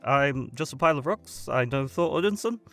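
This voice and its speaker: A man voicing a gentle, chatty rock creature with a New Zealand accent, rambling cheerfully like a sweet storyteller. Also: mid-range voice, animated, a little fast, vocal fry. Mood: cheery, rambling.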